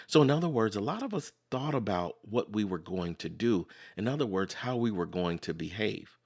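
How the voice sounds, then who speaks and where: A man gives a motivational self-help talk. His lowish voice carries a gravelly edge and swings through a lively pitch range. He talks conversationally, circling back with repeated phrases. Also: moderate pace, few pauses. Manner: conversational, repeats "so in other words"; acts out quoted voices. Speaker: podcast host.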